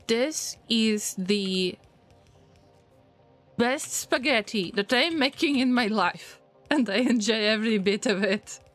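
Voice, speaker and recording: A woman's voice: a little high, normal speed, fairly bright tone, soft background music. A woman streaming a game and chatting with her viewers in English, which is not her first language. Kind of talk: casual livestream chat while gaming.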